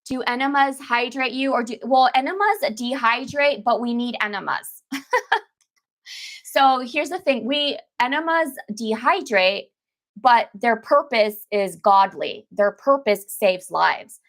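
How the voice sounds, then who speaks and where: A slightly slow, fairly high, somewhat bright female voice belongs to a detox coach chatting on a live stream. Emphatic in style, she repeats phrases and calls viewers "baby" and "girl."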